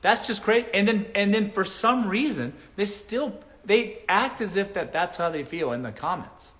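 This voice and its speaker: A man's voice: sits high, expressive, moderate pace, fairly bright tone. A man giving blunt dating advice on a casual live stream, mocking and laughing at his own points while reading chat.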